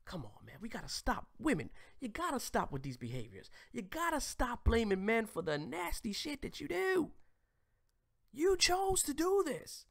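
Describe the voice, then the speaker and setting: A man hosting a live stream, ranting crudely and preachily, swinging between shouting and whispering. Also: very high voice, wildly swooping pitch, moderate pace, vocal fry.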